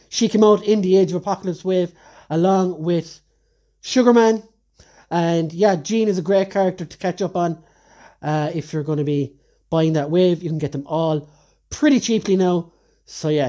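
A man's voice: high-pitched, dark tone. A man reviewing action figures in a casual top-ten countdown, chatty and enthusiastic, often correcting himself mid-sentence. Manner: chatty, enthusiastic collector with frequent self-corrections.

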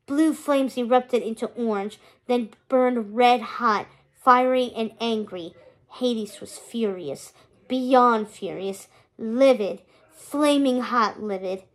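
A woman reading a children's chapter book aloud in an expressive, steady way. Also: fairly high pitch. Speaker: storybook reader.

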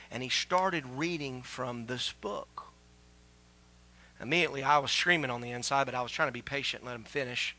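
A man preaching a sermon as pastor, asking the congregation questions and building to loud exclamations. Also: mid-range voice, a little fast, no room sound. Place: church sanctuary.

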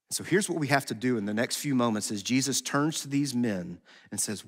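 A man pastor preaching a sermon in a conversational, animated way, acting out quotes as he goes. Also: mid-range voice, a little fast, hardly any pauses. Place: church sanctuary. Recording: long hall reverb.

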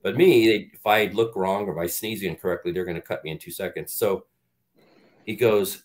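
A middle-aged man, a guest on an interview show, telling rambling, profane stories and acting out what others said. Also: fairly quick. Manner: animated storyteller, acts out quotes in a louder, higher voice. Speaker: guest, actor and former football player. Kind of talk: storytelling in an interview.

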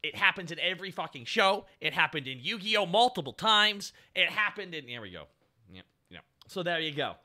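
A man rambles through a casual creator commentary and restarts his sentences often. His voice is high and very bright. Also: sing-song, moderate pace.

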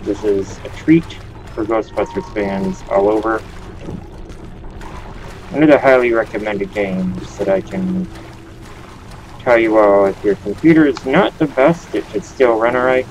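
Rambling let's-play guy, low voice. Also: a little slow, pauses often, over music, low-quality recording. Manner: rambling, joking, swears at the game. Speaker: gaming channel host. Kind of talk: casual let's play commentary.

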